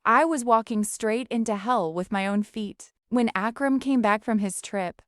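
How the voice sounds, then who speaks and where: A woman's voice: on the high side, normal speed, no room sound, clean studio sound. A woman narrating a first-person story in an emotional, confessional way.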